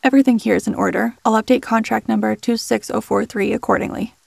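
A woman's voice: fairly high pitch, steady tone, fast talker, gravelly, darkish tone, no echo. Woman doing middle-aged HR man, slick, condescending, dry close mic. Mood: smug. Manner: polished, condescending corporate politeness. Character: smooth middle-aged male corporate HR boss.

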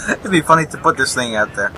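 A young man delivers live gameplay commentary in a mid-range, very animated voice at normal speed, rambling, swearing and chuckling at enemies. Game gunfire and explosions fill the background, with faint gunfire and vehicles behind him and general background noise.

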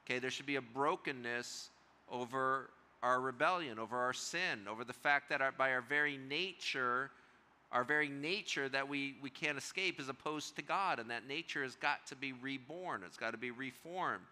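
A male pastor teaches a Bible study in a church room, his voice very bright and cutting. The tone is smooth and clear, and he keeps asking the group questions and slows down on the words he wants to land. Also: medium pitch.

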